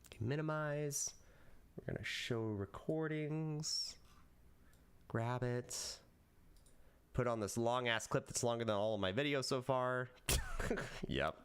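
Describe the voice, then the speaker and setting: A man streaming live, chatting casually with viewers and rehearsing lines for a video, jumping into high excited bursts and then dropping to low mutters. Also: unhurried, pauses often, smooth. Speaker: VTuber streamer.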